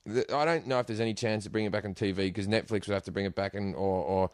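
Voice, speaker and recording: A man's voice: lowish voice, fast, no room sound, studio quality. A man in his forties with an Australian accent, a comedian telling a crude, sweary story in a casual podcast chat. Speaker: comedian guest.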